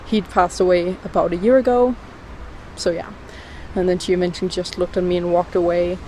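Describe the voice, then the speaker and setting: A woman's voice: fairly low pitch, steady tone, a little fast, darkish tone, a little hiss or hum. A woman vlogging outdoors in a cemetery, ranting indignantly and swearing a lot, talking into a phone held at arm's length. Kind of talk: casual vlog rant.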